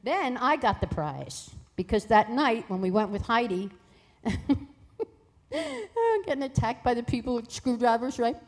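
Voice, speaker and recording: Woman telling a lively personal story. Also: a little high, measured pace. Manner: lively, acts out voices in quoted dialogue. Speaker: guest sharing a testimony.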